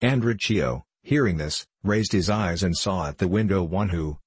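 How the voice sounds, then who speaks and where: A man narrating a classic tale in measured, archaic language. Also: deep voice, breathy edge, no room sound.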